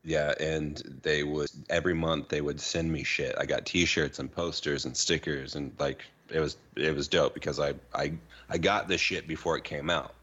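A man's voice: very deep voice, moderate pace, lo-fi sound. A man co-hosting a podcast, telling stories in casual chat with a lot of swearing and filler words. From Arizona, US. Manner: animated storytelling, heavy swearing, lots of "like". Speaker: podcast co-host.

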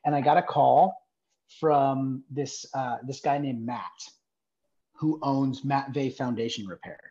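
A man's voice: mid-range voice, measured pace, dark tone, muffled recording. A man, the founder of a nonprofit, earnestly telling a personal story in a conversation, with lots of "like" fillers. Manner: earnest, rambling, many "like" fillers.

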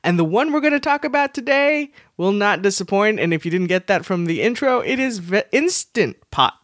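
A woman's voice: mid-range voice, animated, fairly quick, no room sound, clean studio sound. Chatty Texan woman podcast host. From Texas. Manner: chatty, laughs easily, restarts sentences. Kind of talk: casual podcast chat.

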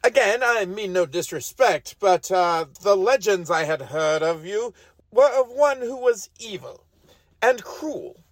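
A man's voice: animated, a little slow, no echo. A man doing a pleading young elf. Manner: pleading, high and strained. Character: young male elf adventurer, timid and pleading.

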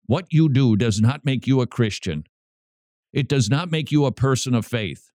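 A man's voice: medium pitch, expressive, normal speed, a little mellow, no room sound, studio quality. A man hosting a radio show, preaching with emphatic, repeated lines. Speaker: radio host.

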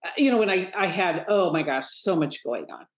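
Lively middle-aged woman telling stories. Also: a little fast. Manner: animated, acts out quoted voices in a high pitch. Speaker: guest author and speaker. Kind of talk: storytelling interview talk.

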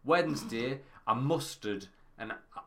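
A man, co-hosting a podcast and telling an animated, sweary anecdote in casual chat. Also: medium pitch, unhurried, a little hiss or hum. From Northern England. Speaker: podcast co-host.

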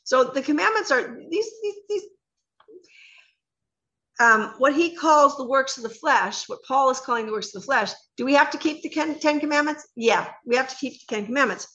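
A woman co-hosting a radio Bible show, earnestly reading scripture slowly and explaining it. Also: high-pitched, expressive, sharp tone, lo-fi sound.

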